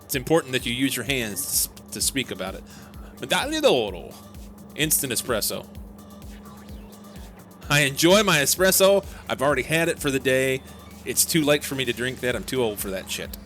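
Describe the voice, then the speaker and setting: A young man casually talks through a live game stream with game music in the background. He rambles, chats, and reads chat messages aloud in a fast, medium-pitched, fairly bright voice.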